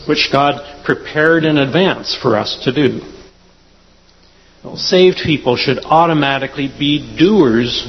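A man preaching a sermon in a measured, deliberate way, with dry and wry asides. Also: on the high side. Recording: dull lo-fi recording with long reverb.

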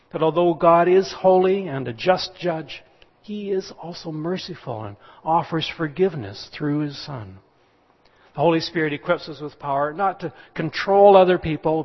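A man preaching a sermon in an easygoing, conversational way, often stopping on fillers as he goes. His voice has a slightly husky edge. The sound is dull and lo-fi, with a long reverb trailing off the walls. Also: a little high. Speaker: pastor.

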